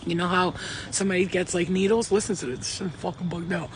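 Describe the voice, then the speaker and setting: This vlogger, a spiritual channeler, has a strikingly high-pitched voice and chats straight to the camera in a rambling, casual way. Excitable and foul-mouthed, he keeps veering off into quick tangents. Sound quality is low, and a soft hum runs in the background.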